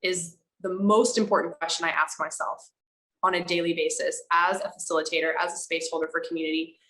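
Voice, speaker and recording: A woman's voice: lowish voice, a little fast, low-quality recording. A woman guest on a podcast telling personal stories candidly, acting out the dialogue she quotes, with many "like"s and the odd swear word. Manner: animated, acts out quoted dialogue, frequent "like"; speaks frankly, with casual swearing. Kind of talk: candid conversational storytelling.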